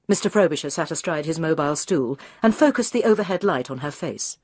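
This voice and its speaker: A woman narrates a crime novel in a measured, wry way. Her voice is husky and fairly low but moves lively in pitch, recorded dry and close. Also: no echo. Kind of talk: reading a crime novel aloud.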